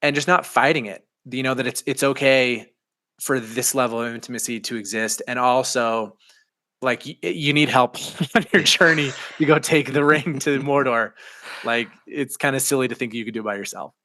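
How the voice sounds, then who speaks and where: A man in his thirties co-hosts a casual podcast. His voice is bright, and he talks with enthusiastic, animated energy. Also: mid-range voice, normal speed, dry recording. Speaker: podcast co-host.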